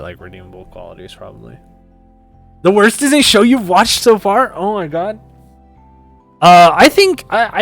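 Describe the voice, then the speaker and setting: A young male streamer talking to his chat, his pitch jumping around in a lively, animated way. He rambles, swears freely and restarts sentences often, with faint music playing underneath. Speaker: Twitch streamer. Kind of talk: casual stream chat, reading and answering chat.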